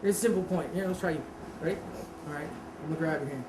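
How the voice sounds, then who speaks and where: A woman's voice: deep voice, racing. A woman teaching a martial arts seminar, talking casually, quizzing the class and correcting herself. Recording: roomy echo with steady background noise.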